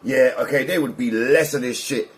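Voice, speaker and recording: A man's voice: mid-range voice, moderate pace. Man, casual rant, blunt, keeps saying bruv. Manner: blunt, repetitive, slang-heavy, ends lines with bruv. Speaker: vlogger commentator.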